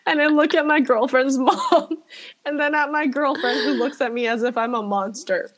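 A woman co-hosting a casual podcast, reading a listener's story aloud with lively delivery and frequent laughter. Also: high-pitched, normal speed. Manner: animated storytelling, laughs often. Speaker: podcast co-host.

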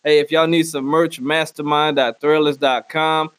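A man delivering a loud, profane comedic rant and often slipping into mock voices. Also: a little high, flat delivery, moderate pace, dry recording. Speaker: comedy podcast host. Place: Northwest Arkansas.

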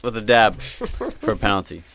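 A man's voice: lowish voice, huge pitch swings, normal speed, gravelly, fairly bright tone. A man co-hosting a casual soccer podcast, teasing and trash-talking his friends. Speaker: podcast co-host.

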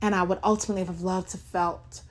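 A woman giving a casual devotional talk to her viewers, earnest and heartfelt, speaking emotionally and haltingly. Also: lowish voice, little pitch movement.

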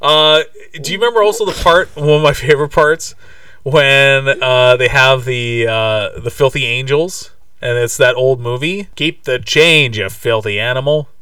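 A man's voice: medium pitch, normal speed, sharp tone, smooth, no echo, studio quality, recorded from a distance. A man co-hosting a podcast, retelling a movie scene by scene in casual chat, with lots of fillers and restarts. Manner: rambling, many fillers and restarts. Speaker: podcast co-host.

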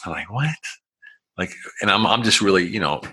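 This forties-aged male guest tells his life story in a deep, husky, expressive voice with a sharp tone, moving at a moderate pace. The talk rambles bluntly and casually, full of curse words, fillers and restarts, and he performs the quotes he repeats.

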